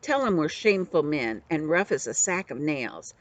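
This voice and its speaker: A woman voicing a gruff, boastful male outlaw leader in a storybook reading, bossing everyone around in rough slang. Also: low-pitched, big pitch swings, moderate pace, no room sound, lo-fi sound. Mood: bossy. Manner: coarse old-fashioned slang, bossy.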